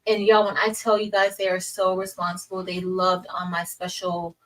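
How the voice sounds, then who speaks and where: A woman's voice: lowish voice, completely flat delivery, normal speed. Chatty woman teacher, slightly distant mic. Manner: chatty, addresses viewers as y'all, reads chat aloud. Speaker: teacher and livestream host. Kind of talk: casual livestream chat.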